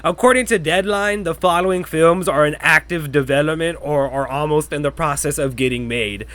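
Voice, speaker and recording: A man hosting his own podcast, talking casually and rambling in a loose, profane, excitable way. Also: fairly high pitch, moderate pace. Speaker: podcast host. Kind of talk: casual solo commentary.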